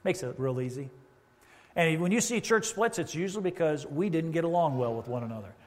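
A high-pitched man preaches from the pulpit, talking to his congregation in a conversational way and slipping into quoted voices. The sound carries a long reverberant tail from the church hall around him. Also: expressive, fairly quick. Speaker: pastor. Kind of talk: sermon. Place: church sanctuary.

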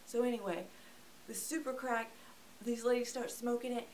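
A woman's voice: fairly high pitch, steady tone, moderate pace, a little mellow, slight background noise. A woman giving a chatty, joking movie review and acting out the characters. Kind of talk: casual comedic movie review.

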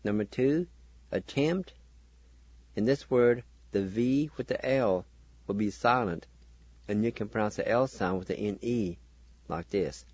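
A man hosting a radio language lesson, spelling words out and sounding each syllable slowly and deliberately. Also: lowish voice, a little mellow, breathy edge, muffled recording.

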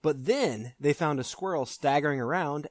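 A man's voice: fairly high pitch, moderate pace, dry recording, studio quality. A man hosting a casual quiz, reading strange news articles aloud in a wry, mock-formal way. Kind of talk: casual podcast banter.

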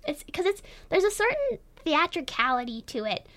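A young woman with a notably high, girlish voice speaks as a radio guest. She is chatty and self-deprecating, often breaking into laughs, and the studio sound is close and dry. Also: sing-song, moderate pace, a bit bright, dry recording. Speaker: guest, student radio presenter. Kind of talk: casual radio interview.

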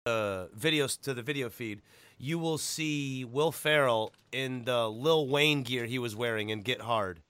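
A man hosting a podcast in casual chat, excitable and joking, swearing freely. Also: medium pitch, unhurried, clear, resonant tone, no room sound. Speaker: podcast host.

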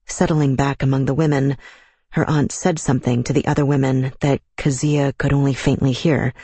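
A man narrates an audiobook in a measured, even way, his mid-pitched voice husky. The recording is dry and close on a studio mic, with no echo.

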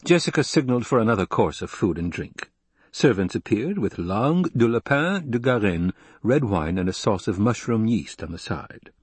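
A man narrating a novel in a measured, even storytelling voice. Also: lowish voice, slightly rough, dry recording. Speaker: audiobook narrator. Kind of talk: scripted narration.

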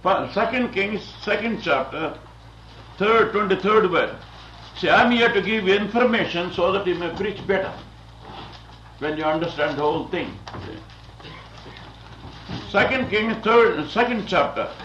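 A man's voice: high voice, animated, unhurried, long pauses, pushed and bright, a little hiss or hum. A man from India giving a digressive, lecture-style sermon as a visiting Bible teacher, often chuckling and saying "you see". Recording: dull, roomy, distant old recording.

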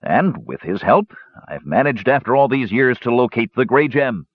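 A man voicing a gruff, boastful old male dwarf who mumbles, sighs heavily, and roars when pushed. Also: mid-range voice, lively intonation, moderate pace, dry recording, dull audio, voice pushed up. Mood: rambling. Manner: roaring, sighing, mumbling.

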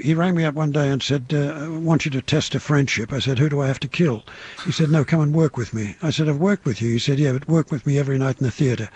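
An older Australian man, a veteran entertainer, tells showbusiness anecdotes as an interview guest. His voice is a little high, a little mellow, and husky; he rambles, restarts hesitantly, and mimics others' voices when quoting them.

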